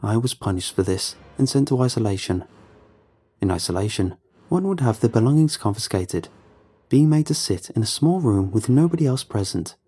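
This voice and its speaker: A man narrating a scripted horror story in a measured, somber way. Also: on the low side, lively intonation, warm tone, breathy edge.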